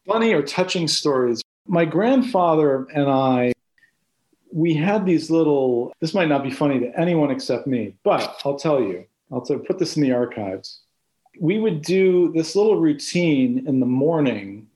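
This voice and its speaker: A man's voice: a little high, expressive, a little slow, darkish tone. Guy telling family stories in an interview, thoughtful, stops and restarts a lot. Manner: reflective, hesitant, many restarts. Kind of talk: oral history interview.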